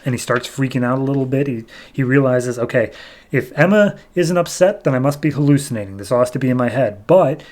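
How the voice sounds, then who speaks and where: A man's voice: medium pitch, fairly even intonation, a little mellow. Casual rambling man recapping comics. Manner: rambling, retells scenes with quick quoted character voices. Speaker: podcast host.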